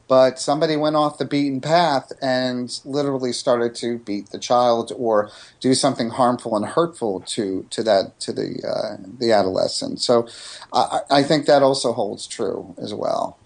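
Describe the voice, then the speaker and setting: A man's voice: medium pitch, fairly even intonation, moderate pace, vocal fry. A man from New Jersey, a psychic medium guest, telling stories earnestly in casual interview talk with frequent restarts.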